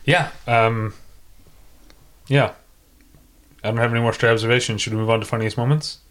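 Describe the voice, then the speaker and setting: A man's voice: mid-range voice, fairly even intonation, fairly bright tone. Chatty man recapping a sitcom. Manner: chatty, quick to laugh, quotes lines. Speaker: podcast co-host. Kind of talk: casual TV recap chat.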